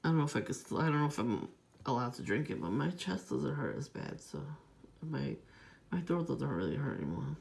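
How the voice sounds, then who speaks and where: A woman's voice: a bass voice, sing-song, fairly quick, gravelly, a little mellow. A woman vlogger telling a long, aggrieved story in a rambling, profane, casual monologue.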